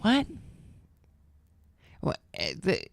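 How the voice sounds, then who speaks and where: A woman's voice: very slow, dry recording, clean studio sound. A woman co-hosting a casual morning talk show, chatty and blunt with many fillers. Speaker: radio co-host. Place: studio.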